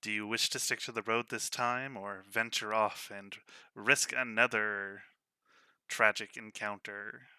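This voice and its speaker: A man narrating as game master of a tabletop role-playing game in a calm, measured way. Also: fairly low pitch, clear, resonant tone, dry recording.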